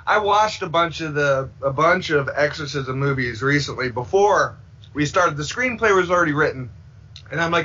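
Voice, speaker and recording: A man's voice: on the high side, animated, normal speed, pushed and bright, slightly rough. A man guesting on a podcast, rambling casually and acting out the voices he quotes. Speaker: filmmaker guest. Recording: dull lo-fi sound.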